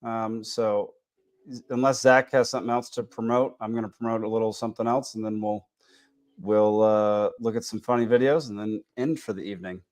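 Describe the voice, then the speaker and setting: A man's voice: fairly low pitch, steady tone, fairly quick, a little mellow. A man with a Texas accent hosting a casual podcast, tired and rambling with many fillers and restarts. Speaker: podcast host.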